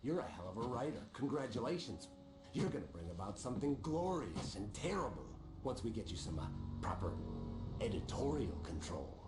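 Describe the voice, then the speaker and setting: A sinister kidnapper talks low and cool with quiet menace. The game audio sits in an echoey space. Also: male voice, big pitch swings, moderate pace, music in the background. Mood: menacing. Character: sinister calm male kidnapper.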